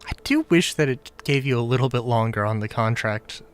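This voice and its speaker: A man's voice: mid-range voice, a little fast, smooth. A man hosting a casual gaming livestream, ranting profanely and animatedly into a close mic. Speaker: livestream host. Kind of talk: casual gaming stream talk.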